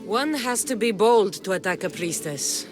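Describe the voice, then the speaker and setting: A woman's voice: mid-range voice, expressive, normal speed, close to an everyday voice. A woman voicing a blunt mercenary warrior in a video game, speaking in a curt, businesslike, commanding way. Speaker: game protagonist. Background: game music.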